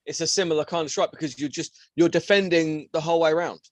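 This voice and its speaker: Male co-host, fairly high voice, bubbly and a bit beery, dry close mic. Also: fast, no echo. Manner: animated, laughs often, mimics commentators. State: tipsy from beer. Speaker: podcast co-host. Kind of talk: casual chat.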